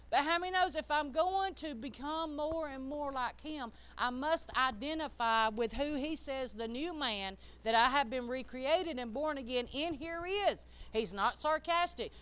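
An older woman preaching a sermon, emphatic and folksy, swinging between loud and hushed. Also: high-pitched.

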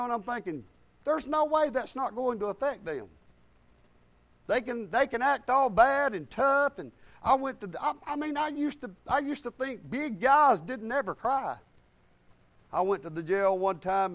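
A man in his fifties delivers a sermon through folksy personal stories, his grammar loose and conversational. His voice sits high and swings widely up and down as he preaches. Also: moderate pace. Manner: folksy, animated storytelling with colloquial grammar.

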